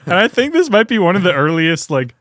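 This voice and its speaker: A man's voice: high-pitched, big pitch swings, fast talker, a bit bright, a little hiss or hum. A man casually recapping an episode as a podcast host, rambling with lots of fillers and laughs. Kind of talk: casual chat.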